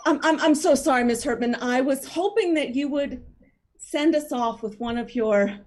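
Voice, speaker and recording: A woman improvising a gushing graduation host in a comedy scene, stammering and excited. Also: high voice, moderate pace. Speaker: graduation speaker in a sketch. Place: theater stage.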